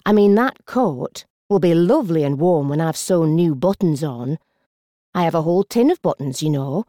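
A woman's voice: low-pitched, lively intonation, warm tone, no room sound, studio quality. Woman reading as a smug thrifty old lady. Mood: prim. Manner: sage, self-satisfied, slow. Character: chatty thrifty elderly woman customer.

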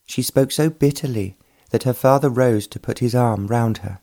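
A man reads a novel aloud in a measured, even narrating voice. His tone is mellow and warm, sitting at a middle pitch for a man. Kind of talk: scripted audiobook narration.

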